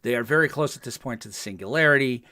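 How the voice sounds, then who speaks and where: Brief: older male podcast host, mid-pitched, lively recaps with acted-out quotes. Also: quick pace. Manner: animated storytelling, acts out quotes. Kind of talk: casual podcast chat.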